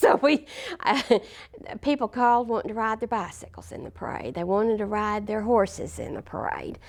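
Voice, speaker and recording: A woman's voice: mid-range voice, lively intonation, moderate pace, darkish tone. An older woman, a former teacher telling anecdotes in an oral history interview, chatty and laughing often. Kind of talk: anecdotal storytelling.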